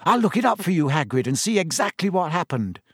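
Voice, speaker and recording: A bright, earnest schoolgirl, precise and studious in how she talks, voiced by a male narrator. The voice is lifted well above his own and a touch louder, recorded dry and close for a storybook. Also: a little high, big pitch swings, fairly quick, husky, no room sound, voice pushed up, heavily acted. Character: earnest clever schoolgirl, eager to help.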